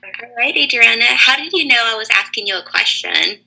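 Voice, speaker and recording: A woman teaching a lesson to young children over a video call, asking slow, clear, encouraging questions. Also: on the high side, expressive, pushed and bright, low-quality recording.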